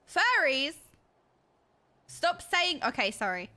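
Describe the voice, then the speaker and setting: A woman's voice: high-pitched, lively intonation, moderate pace, sharp tone. A woman streaming a game, chatting casually with her viewers and reading their messages aloud. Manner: chatty, reads chat messages aloud, laughs often.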